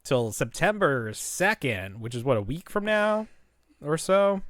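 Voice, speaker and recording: A man's voice: fairly high pitch, a little slow, no echo, clean studio sound. A man co-hosting a podcast, chatting casually and joking. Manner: animated, jokey, riffing. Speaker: podcast co-host. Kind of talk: casual chat.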